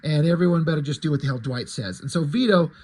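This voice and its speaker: Man reviewing comics, enthusiastic, husky, slightly high voice. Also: fast, a little mellow, poor audio. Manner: enthusiastic, chatty. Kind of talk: casual comic book retelling.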